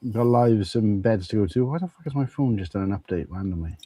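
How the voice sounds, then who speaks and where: A man's voice: lowish voice, animated, fast talker, warm tone, slightly rough, dry recording. A man hosting a casual live stream with friends, laid-back, laughing often and swearing freely. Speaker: streamer and show host.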